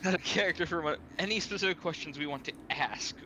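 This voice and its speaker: Bright, wry man at a game table. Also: fairly high pitch, fast talker, a little hiss or hum. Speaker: player. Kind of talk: casual tabletop play.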